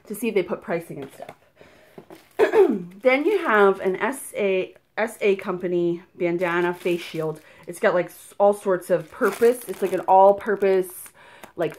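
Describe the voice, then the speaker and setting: A young woman chats her way through an unboxing on camera. She rambles, circles back and fills pauses with ums and likes, speaking at a middling pitch. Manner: chatty, rambling, lots of fillers. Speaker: unboxing vlogger. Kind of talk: casual unboxing chat.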